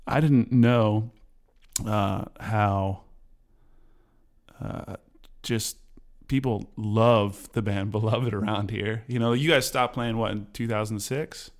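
A man hosting a podcast in a relaxed, joking way, with lots of fillers and restarts. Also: lowish voice, slow. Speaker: podcast host. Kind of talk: casual interview chat.

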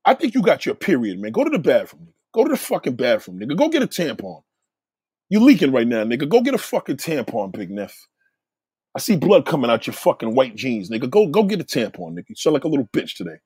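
Male channel host, heated live rant, swearing, mocking, husky voice with a lively swinging delivery, dry sound. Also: fast, no echo. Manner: profane, mocking ranting; animated, swinging pitch. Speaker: channel host reacting to viewers.

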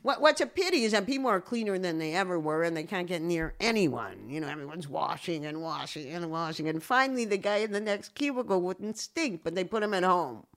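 A woman's voice: lowish voice, expressive, brisk, few pauses, fairly bright tone. Wry older Canadian woman telling stories. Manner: wry storyteller, acts out voices in anecdotes, laughs often. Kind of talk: casual interview chat.

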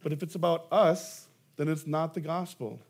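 A man's voice: a little high, steady tone, normal speed, darkish tone, slightly rough. A young adult man, a pastor preaching a sermon, telling stories with self-deprecating humor and emphatic rises.

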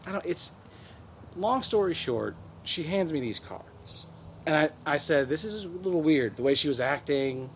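A man's voice: fairly high pitch, expressive, unhurried, slight background noise. A man telling a rambling, profane, joking story in a casual podcast chat. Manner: rambling, profane, acts out voices in anecdotes. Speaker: podcast host.

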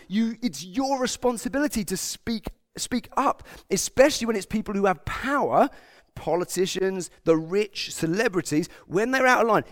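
A man from Britain giving a conversational sermon, acting out quotes as he goes. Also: a little high. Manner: conversational, animated, acts out quotes. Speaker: preacher.

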